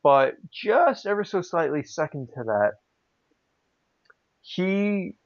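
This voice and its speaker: A man's voice: high-pitched, big pitch swings, slow pace. A man co-hosting a podcast, telling anecdotes in casual chat with many restarts. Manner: rambling, frequent restarts and fillers. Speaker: podcast co-host. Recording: slightly dull lo-fi audio.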